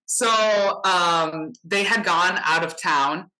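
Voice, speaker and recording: A woman telling a story in casual podcast chat, bright and clear in tone. She rambles animatedly, full of "like" and quoted outbursts. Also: lowish voice, drawn-out words, rough recording. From Chicago area. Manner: animated anecdote teller with lots of "like". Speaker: podcast guest, musician.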